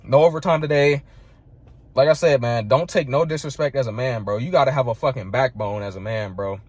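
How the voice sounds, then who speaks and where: A man's voice: medium pitch, fairly quick, husky, no room sound. A young man telling a heated, profane story about a clash at work, full of "like" and "bro". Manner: fills speech with "like" and "bro". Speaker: vlogger. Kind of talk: casual storytelling rant.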